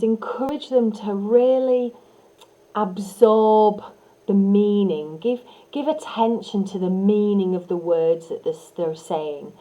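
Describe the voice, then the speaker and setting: Woman trainer, calm instructional delivery, unhurried, warm and mellow tone. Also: medium pitch, muffled recording. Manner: calm, soothing, with soft demonstration whispers; frequent fillers and restarts. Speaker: hypnotherapy trainer. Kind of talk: instructional teaching talk.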